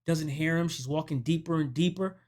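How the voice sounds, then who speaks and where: Talking fairly quickly in a fairly high voice, this movie channel host runs through a horror film casually. His animated retelling includes performing the characters' dialogue as he goes.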